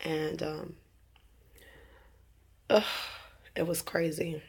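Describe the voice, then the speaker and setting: Her deep voice is creaky, a little mellow and breathy, with drawn-out words and little pitch movement. A young female religious vlogger, she gives a casual preaching monologue on faith and her kids' dreams, full of fillers, restarts and laughs at her own jokes.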